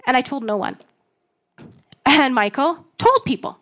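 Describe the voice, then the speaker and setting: A woman's voice: sits high, sing-song, a little slow, fairly bright tone. A woman youth pastor, giving a frank, self-deprecating personal testimony and acting out bits of dialogue. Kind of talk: candid personal testimony talk.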